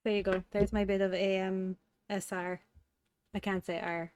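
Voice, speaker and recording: A woman's voice: medium pitch, little pitch movement, a little slow, a little mellow, clean tone, no room sound. A woman with a Cork Irish accent, chatting casually and playfully on a live stream while she crafts, often laughing at herself. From Cork, Ireland.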